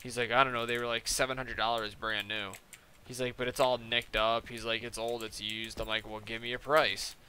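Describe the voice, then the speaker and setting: A man's voice: mid-range voice, flat delivery, a little fast, pushed and bright, a little hiss or hum. A young man chatting casually on a gaming live stream, rambling through a story full of fillers and quoted back-and-forth. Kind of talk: casual live-stream chat while playing.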